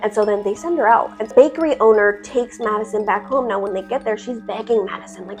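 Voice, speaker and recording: A woman's voice: medium pitch, quick pace, hardly any pauses, a little mellow, faint music behind. Profane, dramatic woman storyteller. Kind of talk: casual horror storytime.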